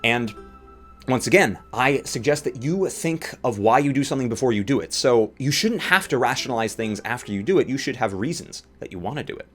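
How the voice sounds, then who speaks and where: A man's voice: medium pitch, lively intonation, fairly quick, fairly bright tone. A young man who plays and runs tabletop games, giving casual, opinionated advice with rambling asides. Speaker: tabletop game player and dungeon master. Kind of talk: casual how-to advice talk. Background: faint guitar music.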